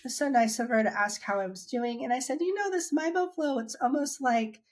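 A woman being interviewed talks fairly quickly, her voice a little high, about living with dry eye. It's relaxed, conversational storytelling full of restarts and quotes she dramatizes, both her own lines and other people's.

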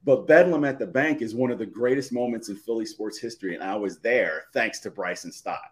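A middle-aged man with a fairly low voice tells a long, heartfelt story. He rambles, doubles back and restarts his phrases as a guest on a live show. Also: brisk. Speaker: podcast guest.

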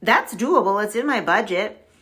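A woman's voice: mid-range voice, expressive, normal speed, sharp tone. A middle-aged woman chatting casually as a podcast guest, upbeat and talkative, often saying "like" and laughing easily. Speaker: podcast guest on money mindset. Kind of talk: casual chat.

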